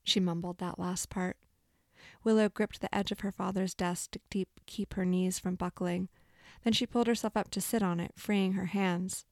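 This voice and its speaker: Gravelly-voiced woman reading a story. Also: mid-range voice, no echo, studio quality. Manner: measured, expressive storytelling. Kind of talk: audiobook narration.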